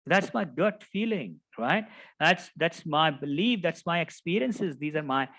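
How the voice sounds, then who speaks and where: A man's voice: fairly high pitch, expressive, unhurried, fairly bright tone, no echo, low-quality recording. A middle-aged man, a project management instructor, teaching through a story and often tagging his sentences with "right?". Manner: anecdotal, tags sentences with "right?". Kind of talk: storytelling lecture.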